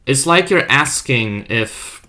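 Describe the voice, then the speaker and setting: With a mid-range, expressive, sharp-toned voice, a young non-native English speaker uses a self-made accent and speaks slowly. On his art stream he's casual and playful, trolling viewers and reading their chat messages out loud.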